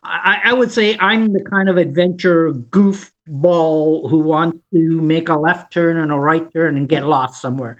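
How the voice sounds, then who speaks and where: Casual chat, travel stories, halting, repeats words, mid-pitched voice. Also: steady tone, muffled recording.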